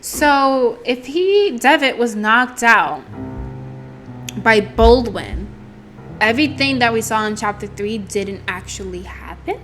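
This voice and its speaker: A woman's voice: fairly high pitch, lively intonation, slow, a bit bright, soft background music, poor audio. A woman hosting a let's play, commenting casually and thinking aloud as she works through a game. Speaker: gaming channel host.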